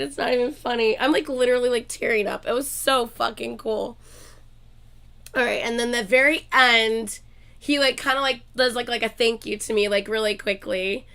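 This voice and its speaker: A woman hosting her own channel, chatting casually to viewers in a gushing, excitable way and swearing often. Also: high-pitched, creaky, clean tone. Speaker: reaction channel host.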